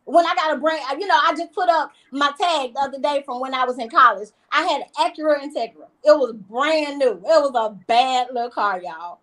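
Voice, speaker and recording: Interview guest: high-pitched woman, animated, emphatic storyteller, talking over a video call. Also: a little fast, few pauses, low-quality recording. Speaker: reality TV guest. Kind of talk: casual interview chat.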